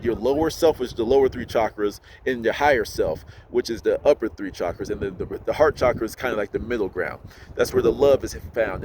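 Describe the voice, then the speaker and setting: A man's voice: mid-range voice, darkish tone. Guy talking to his camera outside, loose and rambly, lots of likes and ums, bit of traffic behind. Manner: loose, rambling, heavy with fillers. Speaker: spiritual channel host. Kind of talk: casual talking-to-camera explainer.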